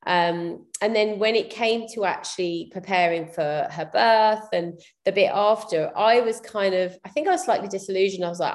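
A woman's voice: medium pitch, moderate pace, few pauses. A woman, a business founder talking candidly and reflectively in a casual interview, with many fillers and restarts. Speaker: podcast guest, PR business founder.

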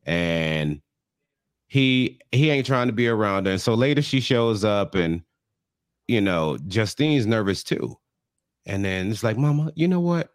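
A man co-hosting a comedy podcast, casually recapping a reality show and acting out its people in quick voices. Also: on the low side, lively intonation, smooth, no echo, studio quality. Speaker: podcast co-host.

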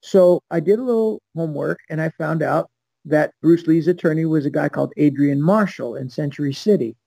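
A man's voice: on the high side, a little fast, vocal fry, mellow, no echo, rough recording. An older man from Los Angeles, a podcast guest telling a long story and acting out the people in it. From Los Angeles, USA. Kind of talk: storytelling anecdote.

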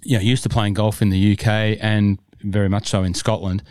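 A man with a low, mellow voice talks in a rambling, jokey way as a podcast co-host. The sound is dry and close to the mic. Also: little pitch movement, fairly quick, clear, resonant tone, no room sound. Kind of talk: casual chat.

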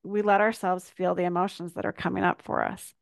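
A woman hosting a podcast, speaking in a thoughtful, soft and unhurried way. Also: fairly low pitch, little pitch movement, gravelly, dry recording, studio quality. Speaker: podcast host. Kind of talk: reflective podcast conversation.

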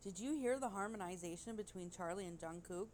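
A woman's voice: mid-range voice, a little fast, a little mellow. A woman co-hosting a casual podcast chat, rambling and gushing, with casual swearing. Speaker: podcast co-host.

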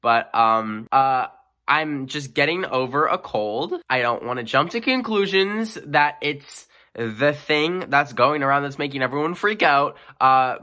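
A man in his twenties talking to camera in a casual, playful vlog, mocking himself and jumping between loud outbursts and mumbled asides. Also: on the high side, lively intonation, unhurried. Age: 20s. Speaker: YouTuber. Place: room with bookcases.

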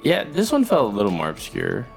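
A man's voice: medium pitch, wildly swooping pitch, a little fast, gravelly, soft background music. A man co-hosting a casual faith podcast. He talks in an easygoing way and signs off the episode. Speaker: podcast co-host.

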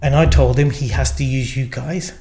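A man's voice: mid-range voice, fairly even intonation, normal speed, warm tone. A middle-aged man telling a story as an interview guest, acting out the quoted lines with many fillers. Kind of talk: casual storytelling.

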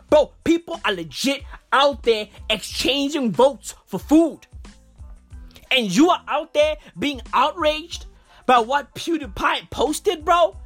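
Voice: mid-range voice, fairly bright tone. A vlogger ranting casually, with heavy slang, constant swearing, and stammered restarts. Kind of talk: casual profane rant.

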